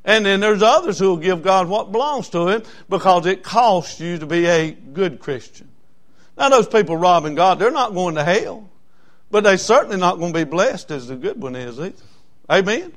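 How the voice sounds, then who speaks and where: A man preaching in a church with a notably high-pitched voice. He drives his points home through repetition, stumbling through "uh" fillers as he builds. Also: lively intonation, normal speed. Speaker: pastor. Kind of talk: sermon.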